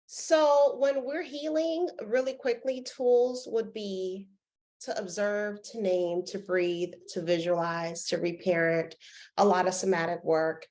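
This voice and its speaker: A woman's voice: medium pitch, fairly even intonation, slow, a little mellow. A woman presenting an online workshop as a coach, telling a client story and acting out quoted dialogue over a video call.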